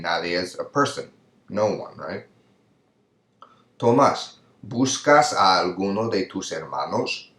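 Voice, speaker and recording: A man with a very low voice gives a recorded lesson over slides, explaining step by step and often checking in with the listener. His voice rings in an echoey room. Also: fairly bright tone. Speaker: Spanish teacher.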